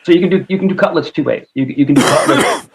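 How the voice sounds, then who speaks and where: A man's voice: a little high, fast talker, very noisy. Rambling New York man, casual chat. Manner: rambling, repeats words, says bro a lot. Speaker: host.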